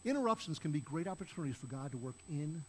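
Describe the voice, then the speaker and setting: A man's voice: on the high side, animated, fast talker, a little mellow, a little hiss or hum, poor audio. A man preaching a sermon as pastor, acting out the Bible characters in raised voices as he tells the stories.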